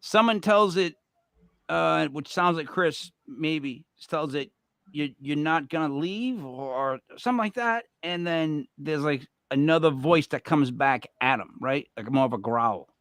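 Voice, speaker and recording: Animated New York Italian-accented man. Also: a little high, measured pace, no room sound, studio quality. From Rhode Island. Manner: animated, talks over others, joking. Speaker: co-host. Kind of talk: casual chat.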